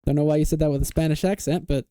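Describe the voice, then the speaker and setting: A man hosting a casual online quiz game, reading clues aloud and confirming answers with a quick "yes, sir". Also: on the high side, steady tone, dark tone, smooth, dry recording. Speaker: quiz show host.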